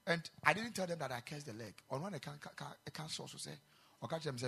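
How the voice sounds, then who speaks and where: A man with a Ghanaian accent preaching a sermon in a chapel, mixing English and Twi, building to loud emphatic peaks. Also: a little high, very animated, very fast, vocal fry. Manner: switches between English and Twi, rising to shouted emphasis.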